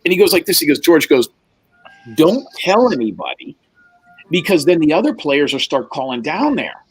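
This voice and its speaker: A man's voice: fairly high pitch, sing-song, normal speed, breathy edge, rough recording. A man telling a wild story in a casual chat, acting out the other people's lines and swearing freely. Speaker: podcast guest.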